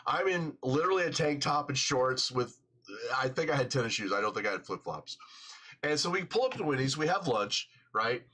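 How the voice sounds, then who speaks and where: Animated husky man telling a story. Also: mid-range voice, brisk. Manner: animated, laughing storyteller, swearing freely. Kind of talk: casual storytelling chat.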